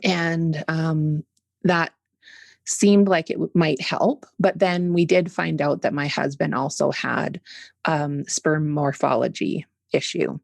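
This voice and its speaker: Woman from Canada, forties, low gravelly voice, candid guest explaining things, dry close sound. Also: steady tone, slow, no room sound. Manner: open, candid, explains step by step. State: tickle in throat from smoke. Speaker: podcast guest. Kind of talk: conversational interview.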